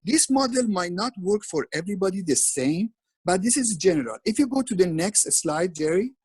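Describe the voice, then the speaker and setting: A man's voice: high-pitched, lively intonation, normal speed, a little mellow, husky, rough recording. A man speaking as a webinar presenter over a video call, instructing in an earnest, repetitive way with frequent restarts.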